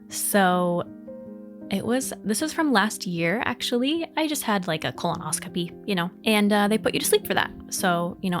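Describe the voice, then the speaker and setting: A woman podcast host telling personal ghost stories in a chatty, rambling way, full of fillers. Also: lowish voice.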